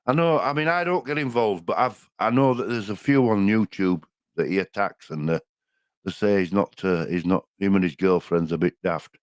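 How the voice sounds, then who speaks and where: A man's voice: fairly low pitch, normal speed, no echo, studio quality. An older man with a Yorkshire accent, co-hosting a live stream in casual, homely chat and chuckling often. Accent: Yorkshire English. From Yorkshire, England. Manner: chatty, chuckling, homely, rambling. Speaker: livestream co-host.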